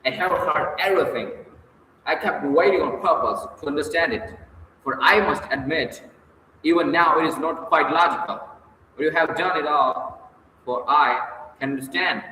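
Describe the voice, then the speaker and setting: A man's voice: a little high, normal speed, sharp tone, a little hiss or hum, pitched above the performer's own voice. A man doing a fiery indignant young accuser. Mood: angry. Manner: heated, emphatic. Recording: echoey distant room, long reverb.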